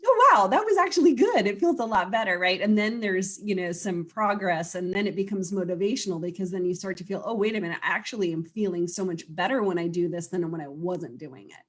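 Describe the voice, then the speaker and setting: Woman guest coach, low-ish pitch, earnest and chatty. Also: fairly quick, few pauses. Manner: earnest, explains with quoted client voices. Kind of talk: casual interview conversation.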